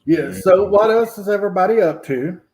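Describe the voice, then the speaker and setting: A man hosting a casual online chat stream and cracking deadpan one-liners. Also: high-pitched, fairly quick. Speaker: stream host.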